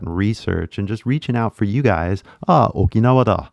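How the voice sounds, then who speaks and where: A man's voice: lowish voice, animated, moderate pace, creaky, hardly any pauses, darkish tone, no room sound, studio quality. A young man with an American accent, a YouTuber teaching English, chatting loosely on a livestream from a small sound booth, full of fillers and restarts. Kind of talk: casual livestream chat.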